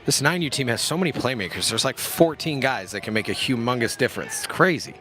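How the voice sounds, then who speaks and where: A man's voice: medium pitch, lively intonation, fast talker, bright, forceful tone, a little hiss or hum. Laid-back young man calling youth football. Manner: laid-back, jokey, slangy, self-deprecating. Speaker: play-by-play commentator. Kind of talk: casual youth football commentary. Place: outdoors at a youth football game.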